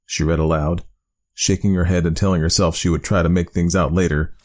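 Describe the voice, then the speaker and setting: A man narrating a spooky storybook tale with a measured, expressive reading. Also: low voice.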